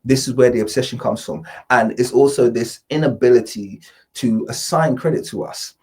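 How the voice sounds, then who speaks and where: A man's voice: mid-range voice, moderate pace, a little mellow, breathy edge. A man hosting an opinion commentary vlog from his home studio, emphatic, repetitive and confrontational. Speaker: host.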